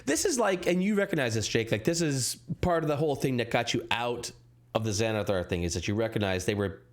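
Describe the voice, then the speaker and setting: A man's voice: medium pitch, expressive, fairly quick. Rambling young man running a tabletop game. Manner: rambling, many restarts. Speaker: dungeon master.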